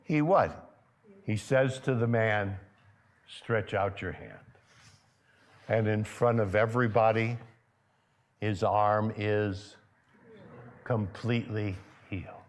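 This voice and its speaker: A male pastor preaching a sermon in a church. He keeps asking his congregation questions and grows loud and emphatic when stirred. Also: lowish voice, slow, long pauses. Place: church sanctuary.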